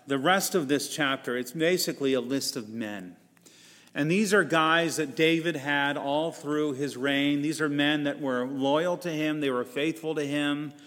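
A man's voice: medium pitch, fairly bright tone, in a large hall. A male pastor delivering a sermon in a conversational style, with self-deprecating humorous asides. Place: church sanctuary.

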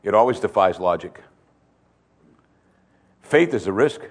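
A man preaching a sermon, swinging between loud emphasis and hushed tones and repeating phrases for effect. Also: fairly low pitch, lively intonation, measured pace. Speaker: pastor.

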